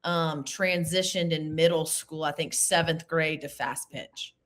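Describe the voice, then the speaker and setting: A woman's voice: sits low, fairly even intonation, measured pace, a loud crowd. A woman, hosting an interview show in a playful, chatty, self-teasing way. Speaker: show host. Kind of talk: casual interview chat.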